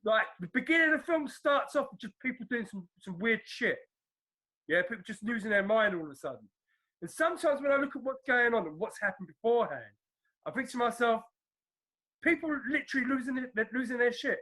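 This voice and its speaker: A man, retelling a film in relaxed slang during a casual chat. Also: very high-pitched, brisk.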